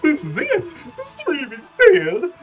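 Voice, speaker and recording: A man's voice: big pitch swings, moderate pace, gravelly, sharp tone, soft background music, heavily acted. A man doing a wailing, sobbing young woman streamer. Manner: wailing, sobbing, high falsetto.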